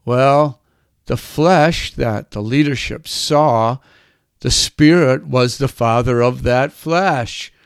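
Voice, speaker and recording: A man's voice: medium pitch, slow, vocal fry, clear, resonant tone, no echo, studio quality. A man preaching a sermon, emphatic and drawn out, his voice climbing on the key words.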